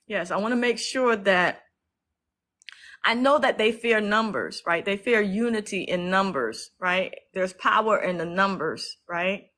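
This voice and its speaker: Speaking at a measured pace in a mid-range, fairly bright voice, a woman hosts a casual phone livestream that sounds roughly recorded. She is an activist who talks emotionally and outspokenly, swears without restraint and thanks viewers by reading their comments.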